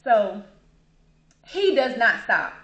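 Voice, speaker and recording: A woman, hosting her channel and telling a story in a casual, animated way while she acts out the people in it. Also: very slow, highs cut off. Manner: animated, acts out quotes with big pitch jumps. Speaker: channel host. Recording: echoey room.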